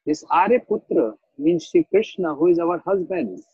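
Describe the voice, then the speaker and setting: A man's voice: fairly high pitch, sing-song, moderate pace, husky, dry recording, dull audio. Man giving a scripture talk. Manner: explains verses, repeats phrases, asks listeners "understand?". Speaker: spiritual teacher. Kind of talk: scripture lecture with storytelling.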